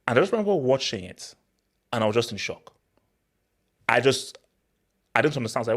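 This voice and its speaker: A young man from Nigeria hosting a casual football talk, excitable and prone to repeating words as he restarts his sentences. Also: medium pitch, fast, long pauses. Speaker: football channel host. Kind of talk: casual football commentary monologue.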